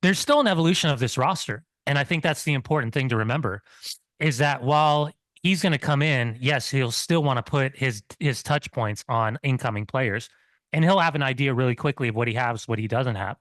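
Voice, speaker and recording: A man's voice: medium pitch, brisk, fairly bright tone, dry recording. Man talking through a burning mouth. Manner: earnest and analytical, pained by hot sauce. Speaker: podcast co-host. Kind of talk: casual football chat.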